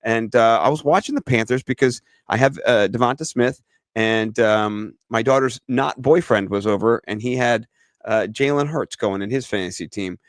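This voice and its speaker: A man's voice: mid-range voice, moderate pace, no echo. A middle-aged man talks casually as co-host of a fantasy football show. He tells his stories with energy and acts out the voices of the people in them. The recording is dry and close. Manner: animated storyteller who acts out other people's voices. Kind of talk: casual chat.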